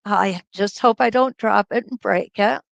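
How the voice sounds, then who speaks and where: A woman's voice: medium pitch, unhurried, vocal fry, no room sound, rough recording. Chatty woman hosting a live quilting stream. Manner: chatty and laughing, greets viewers by name. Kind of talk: casual livestream chat greeting viewers. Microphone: computer webcam mic.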